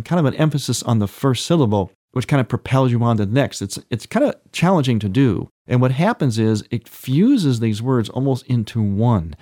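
A man's voice: medium pitch, animated, fairly quick, few pauses, warm tone, no room sound, clean studio sound. A man, a priest hosting a religious radio program, explaining liturgy in an earnest teaching manner with emphatic repetition. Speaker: priest and radio show host.

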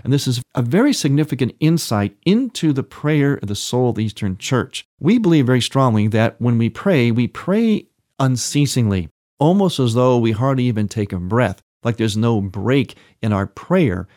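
Speaking at a moderate pace with lively intonation, this priest and radio host teaches about liturgy earnestly and drives points home through repetition. His medium-pitched voice has a darkish tone, captured in a clean studio with no room sound.

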